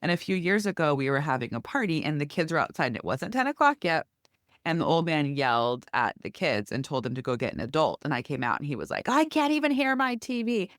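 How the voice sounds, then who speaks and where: A middle-aged woman co-hosting a podcast, telling a long story in a lively, chatty way. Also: low voice, fast talker, dry recording, studio quality. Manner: lively storytelling, acts out quoted neighbors. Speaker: podcast co-host. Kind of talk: casual chat.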